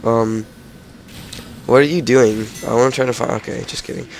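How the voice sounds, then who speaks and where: A teenage boy who is sick, his voice cracking as he rambles through a casual game commentary and breaks into shouted frustration. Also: mid-range voice, steady tone, moderate pace. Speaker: gamer.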